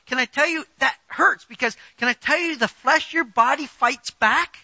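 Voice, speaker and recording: A man's voice: very high voice, normal speed, hardly any pauses, sharp tone, dry recording, lo-fi sound. A man preaching a sermon in a conversational, emphatic way, often throwing rhetorical questions at the congregation and giving personal examples.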